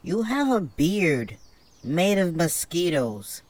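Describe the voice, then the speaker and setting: Blunt, exasperated woman sketch partner with a lively, swooping voice. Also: fairly low pitch, slow pace. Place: outdoors.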